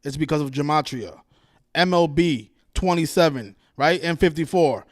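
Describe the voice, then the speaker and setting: A man's voice: fairly high pitch, normal speed, dry recording. Indignant ranting man, dry close mic. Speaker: channel host. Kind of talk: casual commentary over his street clips.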